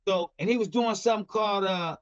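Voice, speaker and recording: A middle-aged man tells a story in loose, rambling talk, circling back with "you know" and restarts. His voice sits high for a man. The recording is dull and lo-fi. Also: fast talker. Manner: rambling, repeats words and fillers like "you know". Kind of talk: casual storytelling.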